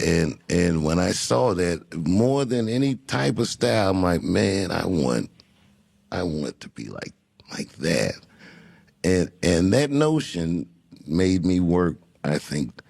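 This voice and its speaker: Male comedian, deep and gravelly, reflective interview storyteller who circles back and restarts. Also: darkish tone. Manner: unhurried, musing, with frequent restarts. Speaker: comedian guest.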